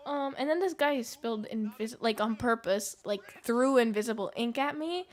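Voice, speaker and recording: A woman's voice: a little high, moderate pace, hardly any pauses. A young woman streamer chatting casually while gaming, rambling through anecdotes with fillers and laughs.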